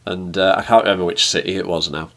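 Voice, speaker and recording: A man's voice: sits low, steady tone, quick pace, gravelly, fairly bright tone. A man co-hosting a podcast, chatting casually with wry jokes. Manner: wry, joking. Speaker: podcast co-host. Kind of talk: casual chat.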